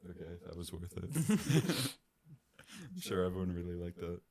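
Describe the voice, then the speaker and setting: Deep-voiced laid-back young man. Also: big pitch swings, normal speed, a little mellow. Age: young adult. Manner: laid-back, short agreeing replies. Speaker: podcast co-host. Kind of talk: casual chat.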